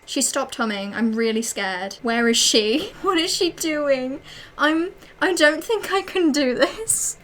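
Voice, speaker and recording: A young adult woman giving excitable, dramatic let's play commentary as a streamer, swearing often. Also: high voice, takes it slowly.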